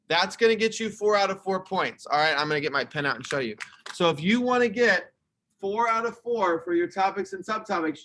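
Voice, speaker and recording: Young male teacher, bright and slightly high voice, clear explaining tone for an online class, webcam mic. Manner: explaining, conversational, talks through slides. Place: home video call. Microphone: computer webcam mic.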